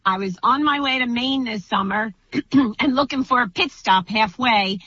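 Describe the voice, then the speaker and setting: Bright, unhurried woman telling a story. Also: a little high, breathy edge, dry recording. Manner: matter-of-fact, unhurried storytelling. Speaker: guest caller. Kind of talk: storytelling on radio. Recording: dull, dry line.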